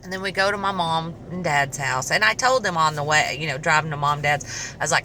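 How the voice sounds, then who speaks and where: A middle-aged woman casually telling a personal story to camera, chatty and animated, acting out the dialogue. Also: sits low, brisk, slight background noise, poor audio. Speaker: vlogger.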